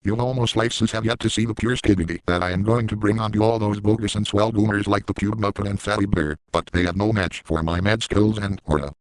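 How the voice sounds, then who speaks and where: A man voicing a crude, boastful middle-aged cartoon dad in a parody comedy video, speaking in a deadpan way. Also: lowish voice, fast talker, hardly any pauses, no echo, close to an everyday voice, low-quality recording. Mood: hyped. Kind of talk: parody voice acting.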